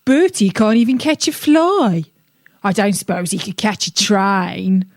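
A woman's voice: medium pitch, a little slow, no echo, studio quality, close to an everyday voice. A woman voicing a grumpy male carp fish in a storybook reading, with a scornful, sneering delivery.

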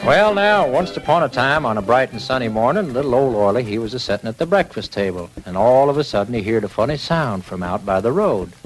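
A man's voice: medium pitch, quick pace, hardly any pauses, over loud music. A man telling a children's story on old-time radio with a folksy rural drawl. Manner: folksy rural drawl with lively ups and downs. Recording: crackly old radio transcription.

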